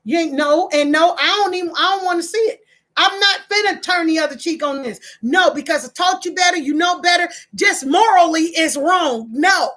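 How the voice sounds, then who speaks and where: Emphatic high-voiced woman host. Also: normal speed, fairly bright tone. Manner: passionate, emphatic, rising in pitch when outraged. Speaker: online talk show host. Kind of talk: casual commentary to viewers.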